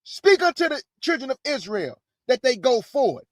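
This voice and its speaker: A man preaching from the Bible, mixing scripture reading with slangy asides and shouted bursts. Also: very high voice, very animated, moderate pace, no room sound, clean studio sound. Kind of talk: energetic street-style Bible preaching.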